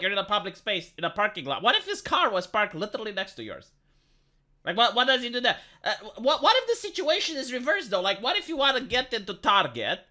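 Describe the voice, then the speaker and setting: A woman from Romania giving dry, mocking reaction commentary on a viral video. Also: mid-range voice. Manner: dry, mocking, deadpan asides. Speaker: commentary YouTuber.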